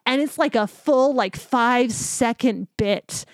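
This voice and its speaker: A woman co-hosting a podcast, chatting casually and gushing enthusiastically with quick asides. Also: fairly high pitch, dry recording, studio quality. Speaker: podcast co-host. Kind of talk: casual chat.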